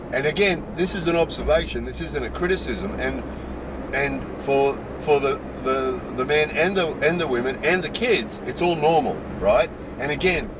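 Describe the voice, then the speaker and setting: Emphatic man vlogging over traffic noise. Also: medium pitch. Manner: emphatic, repeats words for stress. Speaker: vlogger on life in Japan. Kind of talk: casual talk to camera.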